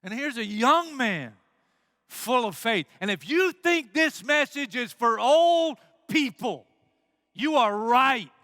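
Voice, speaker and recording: A man's voice: extremely high pitch, takes it slowly, dry recording, studio quality. A man preaching a sermon as pastor, telling stories with energy and acting out the quoted lines. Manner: animated storytelling, acts out quotes.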